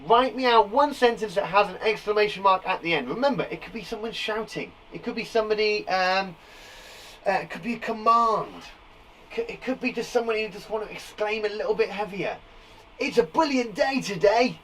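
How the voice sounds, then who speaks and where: A man teaching young children in a live online lesson, animated and exclaiming his examples loudly. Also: sits high, a little fast, recorded from a distance, slight background noise, rough recording. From England. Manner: animated, exclaiming examples with big jumps in loudness. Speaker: primary school teacher. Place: garden shed classroom.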